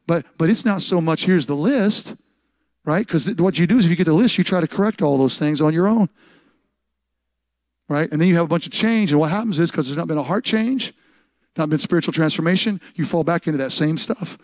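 A man's voice: a little high, expressive, brisk, dry recording. A man preaching a sermon as pastor, emphatic and repetitive, often restarting his words.

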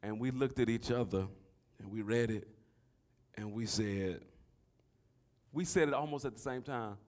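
A middle-aged man, preaching a sermon that swings from soft storytelling to shouting. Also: mid-range voice, moderate pace, pauses often. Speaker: pastor.

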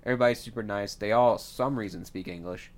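A man hosting a casual comedy podcast, rambling through a made-up film plot and briefly acting out its characters. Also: lowish voice. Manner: rambling storyteller who acts out characters in quick bits. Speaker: podcast host.

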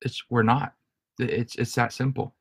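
A man's voice: medium pitch, little pitch movement, unhurried, creaky, fairly bright tone, husky, no room sound. A man preaching a sermon in an earnest, emotional way, often restarting and repeating his words. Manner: earnest, repetitive, stumbling restarts. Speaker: pastor.

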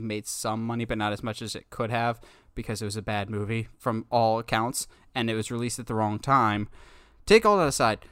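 A man co-hosting a casual movie news podcast, talking in an animated, exasperated way. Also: medium pitch, dry recording, clean studio sound. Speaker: podcast co-host.

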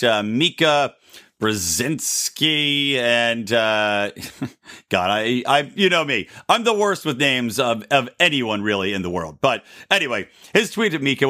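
A man hosting his own podcast, talking through his opinions in a sarcastic, animated solo monologue and laughing at his own jokes. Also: mid-range voice. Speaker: podcast host.

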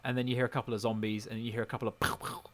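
A man's voice: medium pitch, little pitch movement, rapid-fire, a bit bright. A man co-hosting a podcast, eagerly narrating his moves step by step in casual chat. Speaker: podcast co-host and player.

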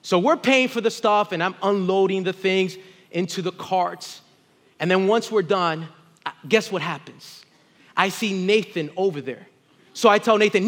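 Pastor, thirties man, very high-pitched, animated sermon storyteller, calls for congregation responses. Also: moderate pace. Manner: storytelling preacher, swings from quiet to loud exclaiming.

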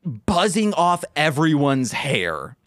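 A man co-hosting a podcast in casual chat. He has a somewhat high voice that swings around a lot. He rambles and cuts himself off mid-story, and the recording is dry and close. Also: wildly swooping pitch, slow pace, fairly bright tone, no room sound. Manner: rambling, self-interrupting storyteller. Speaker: podcast co-host.

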